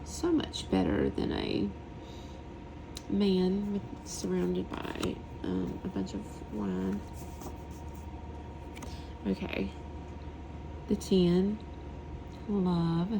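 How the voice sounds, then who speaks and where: A woman reviewing a tarot deck in a soft, hushed voice, often slipping into whispers and lingering on words as she gushes over the artwork. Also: on the low side, very animated, drawn-out words, creaky, long pauses, noisy background. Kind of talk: soft-spoken tarot deck flip-through.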